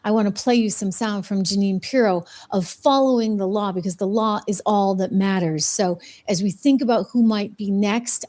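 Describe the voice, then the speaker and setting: A woman's voice: medium pitch, a little mellow. Middle-aged female news host, opinionated and conversational, full of fillers. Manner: chatty, opinionated, frequent fillers and restarts.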